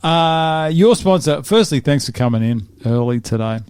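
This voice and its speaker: Easygoing Australian man, mellow tone. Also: a little high, expressive, normal speed, clear, resonant tone, no room sound, studio quality. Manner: joking, easygoing, chatty. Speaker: podcast host. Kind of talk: casual interview chat.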